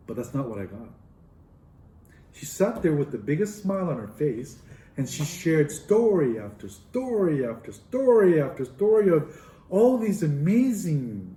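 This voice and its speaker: A man's voice: on the high side, dark tone, recorded from a distance. A man who is a professor, telling a story to a live audience and acting out the dialogue with big swings in his voice. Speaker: professor and speaker. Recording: roomy hall echo.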